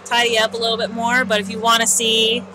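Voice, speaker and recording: A woman's voice: on the high side, monotone, fast, background noise. A young woman vlogging in casual chat on an outdoor balcony, rambling and self-mocking with lots of fillers.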